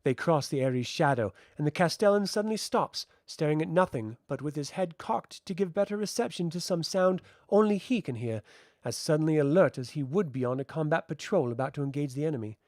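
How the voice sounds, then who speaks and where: A man doing a live reading of a fantasy novel, narrating in an expressive, animated way. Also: on the high side, brisk, no echo, clean studio sound. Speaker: audiobook reader.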